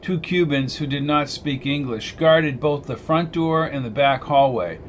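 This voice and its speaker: A man narrating a novel in a steady, measured reading voice. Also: on the high side, a little hiss or hum. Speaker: audiobook narrator. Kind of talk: scripted narration.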